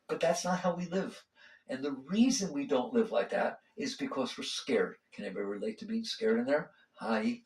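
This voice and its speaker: A spiritual teacher gives a talk to a live audience, speaking conversationally and putting pointed questions to his listeners. His voice is on the high side and sounds far from the mic, in a roomy hall.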